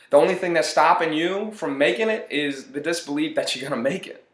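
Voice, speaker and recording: A man's voice: on the high side, a little fast, a bit bright. A man giving an earnest motivational talk, often repeating phrases for emphasis. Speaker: motivational speaker. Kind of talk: motivational monologue. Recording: roomy echo.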